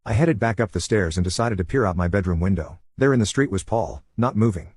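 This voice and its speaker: A man with a husky voice narrating a scripted horror story at a fast, steady clip. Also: fairly low pitch, no echo.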